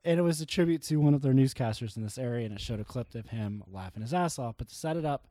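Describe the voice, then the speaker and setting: A man's voice: mid-range voice, expressive, fast talker, mellow, no echo. A married man from Maryland co-hosting a podcast, joking, swearing and rambling in casual banter. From Maryland, USA. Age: adult, married. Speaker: podcast co-host.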